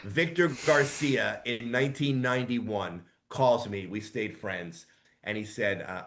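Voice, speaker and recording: A man in his sixties, a voice actor guest telling rambling, lively anecdotes in a casual interview. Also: on the low side, measured pace. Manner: rambling, animated anecdotes with asides.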